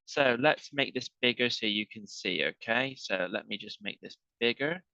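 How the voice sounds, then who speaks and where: Working through examples in an online English class, this teacher speaks slowly and patiently, checking in again and again with "okay." His voice is medium-pitched and sharp, and the recording is dry and muffled.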